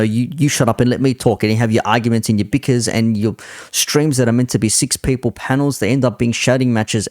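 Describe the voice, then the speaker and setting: A man's voice: medium pitch, a little mellow, dry recording, studio quality. A man hosting a reaction commentary, talking in an exasperated, casually swearing way. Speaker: commentary channel host.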